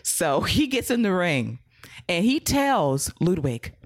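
A woman hosting a wrestling podcast, recapping casually in an expressive, laughing way and swearing freely. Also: on the low side, slow, no echo, clean studio sound. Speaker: podcast host.

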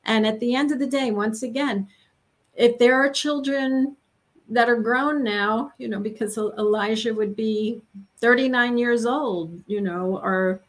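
Earnest, halting middle-aged woman. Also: on the high side. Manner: earnest, halting, searching for words. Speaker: guest. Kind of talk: conversational interview.

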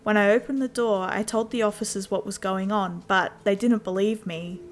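A woman's voice: mid-range voice, normal speed. Woman narrating a scary story over music. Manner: steady first-person storytelling.

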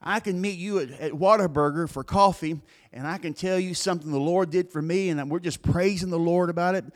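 A man preaching a sermon as pastor, earnest and plain-spoken, telling a story with pauses and restarts. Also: high voice.

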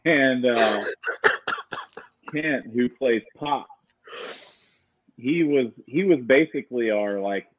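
Brief: male director, casual rambling storyteller, animated retelling, mid-pitched voice. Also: takes it slowly, long pauses, slightly rough, dry recording, narrow, tinny audio. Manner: rambling, with fillers and lively quoted asides. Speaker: film director.

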